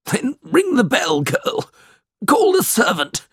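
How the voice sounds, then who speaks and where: A man puts on a bitter, ailing old father from a storybook, voice lifted high and swinging wildly as he snaps out orders. The tone is husky, recorded dry and close. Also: wildly swooping pitch, takes it slowly, dry recording, heavily acted. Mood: demanding. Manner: shouting, sharp and demanding. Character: bad-tempered sickly older father, demanding.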